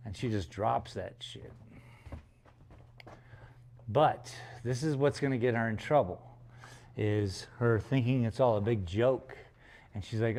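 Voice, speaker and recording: A man's voice: medium pitch, unhurried, darkish tone. A man chatting casually on a livestream while he paints, rambling and joking with some swearing. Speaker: painter streaming live.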